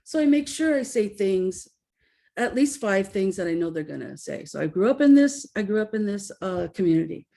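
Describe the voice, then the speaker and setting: A middle-aged woman educator speaks to an audience in a talk, her voice mellow and low in brightness with a touch of vocal fry. She tells stories in an animated way and slips into the voices of the people she quotes. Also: normal speed. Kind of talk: presentation with anecdotes.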